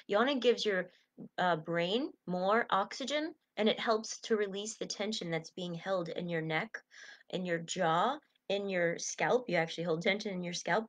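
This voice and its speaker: A middle-aged woman leading a self-help group, speaking in a soothing, encouraging way and slowing down for breathing cues. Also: mid-range voice. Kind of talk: gentle guided coaching talk.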